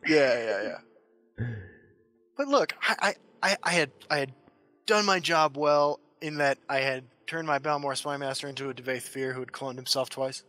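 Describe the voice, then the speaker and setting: Excitable man telling stories on a podcast. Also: on the high side, normal speed. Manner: excitable storyteller, stammering restarts, laughs often. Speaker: podcast co-host. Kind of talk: casual podcast chat.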